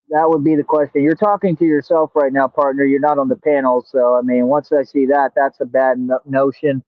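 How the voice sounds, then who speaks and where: A man on a livestream brags and tells off his audience in street slang. His voice sits fairly high for a man. The sound is tinny and dry, as if heard over a phone, with no room around it. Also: no room sound. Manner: boastful, scolding, streetwise slang. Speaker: livestream host. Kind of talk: confrontational livestream talk.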